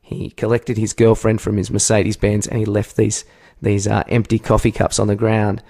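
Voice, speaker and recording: A young Australian man co-hosting a comedy podcast, telling rambling anecdotes and breaking into loud yelled impressions. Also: fairly low pitch, monotone, moderate pace, creaky. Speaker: podcast co-host. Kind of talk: casual comedic chat.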